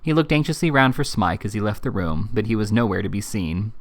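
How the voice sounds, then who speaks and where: A man reading a classic novel aloud in steady, even narration. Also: lowish voice, a little fast. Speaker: reader.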